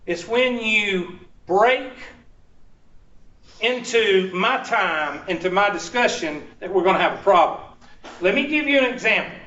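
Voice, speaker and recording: A man's voice: high voice, expressive, unhurried, bright, forceful tone. A man, a college math instructor giving a joking, folksy first-day talk to his students in a classroom. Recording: distant, echoey, muffled classroom recording.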